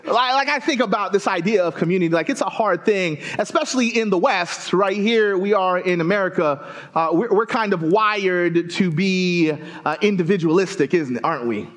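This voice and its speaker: A man from Southern Africa delivers a sermon with a notably high voice that leaps even higher when he wants to make a point. He talks to the congregation directly and weaves funny personal stories into the message. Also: normal speed. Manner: animated, storytelling with jokes to the congregation; lively pitch swings, rising high for emphasis.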